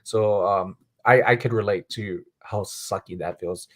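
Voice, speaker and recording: A man's voice: fairly low pitch, measured pace, a bit bright. A man hosting a casual livestream chat, friendly and thanking viewers between stories.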